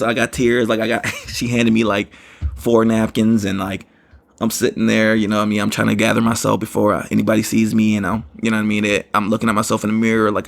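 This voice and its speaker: Gravelly low-voiced man telling a story. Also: completely flat delivery, fast talker. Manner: rambling, repeats "you know what I mean", laughs at himself. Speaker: podcast host. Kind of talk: casual storytelling monologue.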